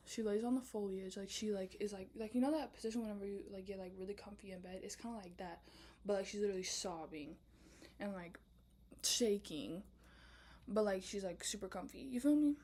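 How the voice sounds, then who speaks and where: A woman's voice: medium pitch, normal speed. A young woman casually talking through her film script idea late at night, often whispering and full of filler words. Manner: whispering, then bursting into loud asides. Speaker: student pitching a film script. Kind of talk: casual chat.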